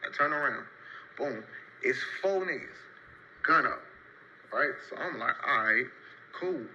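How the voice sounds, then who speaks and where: A young man telling a casual story-time tale in loose, rambling, slang-heavy talk, marking each turn with a quick "so boom.". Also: expressive, bright, forceful tone, highs cut off, a little hiss or hum. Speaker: storyteller in a played clip.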